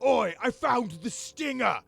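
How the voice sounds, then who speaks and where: A man voicing a pack of rowdy, brutish drunken male trolls, shouting coarse lines in a tabletop game. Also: very high-pitched, lively intonation, a little slow, gravelly, faint music behind, pitched above the performer's own voice, full character voice. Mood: gleeful. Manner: loud, bellowing, coarse shouts.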